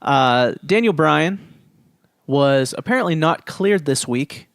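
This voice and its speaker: A man's voice: fairly high pitch, lively intonation, slow, creaky, dry recording, studio quality. A man co-hosting a casual podcast chat, steering the topics in a laid-back, matter-of-fact way. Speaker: podcast co-host.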